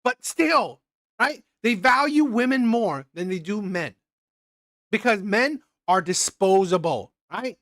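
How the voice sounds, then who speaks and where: A man's voice: sits high, animated, slow, a bit bright, no echo, clean studio sound. A man giving blunt reaction commentary, repeating his points and tagging them with "right?", with some swearing. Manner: emphatic, repetitive, swearing, frequent "right?". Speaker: streamer reacting to a clip. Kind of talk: opinionated commentary.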